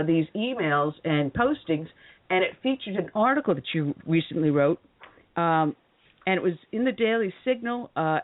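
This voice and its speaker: A woman hosting a radio talk show, chatty and quick to laugh at herself. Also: on the low side. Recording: phone-like call-in audio.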